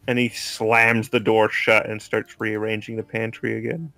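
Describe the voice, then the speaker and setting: A man playing a tabletop game, describing his character's actions in a relaxed, rambling way. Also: lowish voice, normal speed, hardly any pauses, no echo, faint music behind. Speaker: player.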